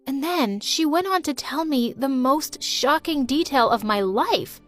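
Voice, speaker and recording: High-voiced woman narrating a cartoon story. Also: measured pace, hardly any pauses, faint music behind. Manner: lively and emotional, voicing a teenage girl. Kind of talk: first-person story narration.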